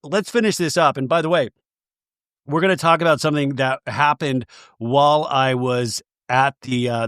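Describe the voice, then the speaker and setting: A man's voice: fairly bright tone, no room sound. Chatty man with a dry close voice. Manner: chatty, acts out quotes in high voices. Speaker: podcast host. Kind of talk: casual recap chat.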